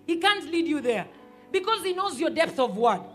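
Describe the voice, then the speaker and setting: A woman pastor, preaching a sermon emphatically and sometimes rising to a shout. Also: high-pitched, big pitch swings, moderate pace, faint music behind. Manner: emphatic, rises to shouts and acts out quoted voices.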